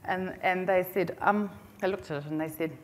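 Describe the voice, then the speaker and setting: Middle-aged New Zealand woman, lowish voice, chatty anecdotal conference speaker with a self-mocking wit. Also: steady tone, normal speed, slight background noise. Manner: chatty, self-deprecating, humorous. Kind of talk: storytelling business talk.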